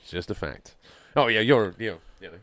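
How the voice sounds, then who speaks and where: An easygoing man from Ireland hosts a podcast, agreeing often and laughing readily. His voice sits low. The recording is dry, with no room echo. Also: animated, normal speed, a bit bright. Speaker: podcast host. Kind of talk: casual podcast chat.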